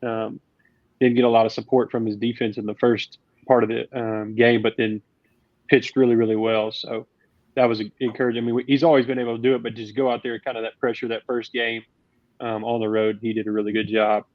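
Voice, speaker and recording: A man, a youth baseball coach, talking in casual, rambling chat with halting restarts. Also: medium pitch, level tone, no room sound. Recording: dull dry sound.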